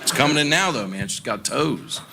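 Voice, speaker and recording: A man doing stand-up comedy, telling self-deprecating stories in a deadpan way and acting out other people's lines. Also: medium pitch, normal speed, gravelly. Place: theater stage with a laughing audience. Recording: live show with audible audience noise.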